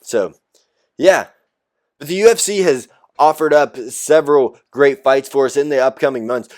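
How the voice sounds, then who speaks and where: A man hosts his own recap show, running through results in a relaxed, blunt way. He talks casually with fillers and restarts, at an ordinary middle pitch for a man. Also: normal speed. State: out of breath. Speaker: podcast host recapping fights. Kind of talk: solo recap commentary.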